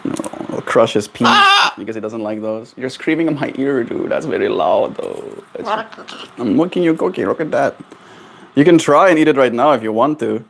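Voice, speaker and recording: A man's voice: medium pitch, animated, normal speed, creaky, slight background noise. Man cooing baby talk to a pet bird. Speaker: streamer. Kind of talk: casual chat with a pet bird.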